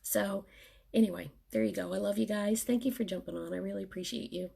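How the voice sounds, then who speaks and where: A woman's voice: medium pitch, steady tone, brisk, vocal fry, mellow, husky. A woman giving an earnest, teary pep talk to her followers in a casual live video chat. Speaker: vlogger.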